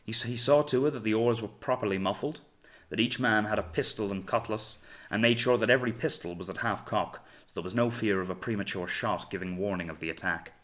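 Man, audiobook narrator, lowish voice, measured dramatic reading. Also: fairly bright tone. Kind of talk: scripted narration.

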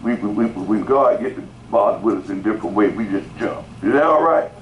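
Delivering a sermon in a lowish, animated voice at a brisk clip, this pastor repeats words and calls to his congregation in surges that climb. The highs are cut off, and the room echoes with faint noise behind him.

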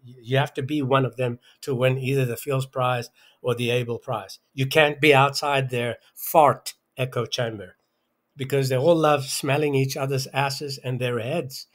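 A man's voice: steady tone, moderate pace. A man explaining a calculus proof in an angry, abusive rant, hurling insults and leaning on "okay?". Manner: abusive, insulting, pitch rising in outbursts; hesitant restarts, repeated "okay?". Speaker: self-styled math lecturer. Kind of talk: angry math rant over a worked example.

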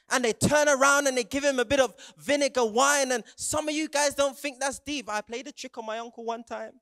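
A young man preaches with a strikingly high voice, telling the story in vivid, graphic detail. He stumbles through quick restarts and calls on his listeners to stand and shout along. The sound is dry and close, with almost no room echo. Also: steady tone. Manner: vivid, graphic retelling with frequent stammered restarts and audience prompts. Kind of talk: dramatic sermon storytelling to young people.

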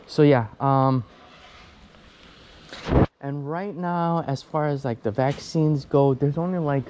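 Man on a bike, mellow voice, loose filler-heavy chatter, slightly winded, faint traffic behind. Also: fairly high pitch, slow pace. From United States. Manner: rambling, many fillers and restarts. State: out of breath. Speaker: vlogger. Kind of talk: casual chat while cycling. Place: outdoors on city streets, riding a bicycle.

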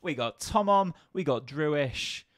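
A man's voice: fairly high pitch, animated, slow, dry recording, clean studio sound. A man with a posh British accent co-hosting a live game stream, politely greeting and thanking viewers in chat. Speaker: streamer co-host.

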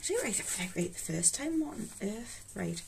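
A woman's voice: medium pitch, very animated, moderate pace, darkish tone. A woman with a Geordie accent, chatting casually and talking to herself while she counts out cash for her budget. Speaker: budgeting vlogger. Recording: clear background noise with rustling notes.

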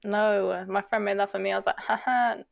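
Hesitant young woman with a gravelly voice. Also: medium pitch, steady tone, a little fast, dry recording. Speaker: date guest. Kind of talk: casual chat.

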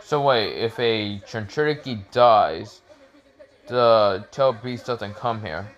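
A man's voice: on the low side, slow, dull audio. A man voicing a foul-mouthed, hot-tempered male god who is fiercely protective, speaking in angry outbursts in a casually told fan story. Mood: questioning.

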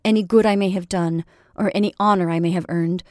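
A woman's voice: on the low side, fairly even intonation, brisk, no echo, studio quality, close to an everyday voice. A woman voicing a young male soldier who is proud and teasing, speaking boastfully and earnestly to his sweetheart.

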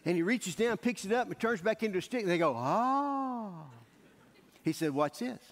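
Animated male pastor preaching in an echoing church. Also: high voice, fast talker. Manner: animated storytelling, acting out the scenes. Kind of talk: sermon. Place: church sanctuary. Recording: echoey church hall.

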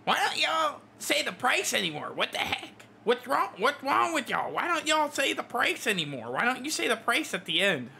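A man putting on the voice of a rude woman customer at a drive-thru, mocking her shrill, demanding complaints. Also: very animated, normal speed, gravelly, few pauses, sharp tone, slight background noise, full character voice. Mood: indignant. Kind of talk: mocking impression within a story.

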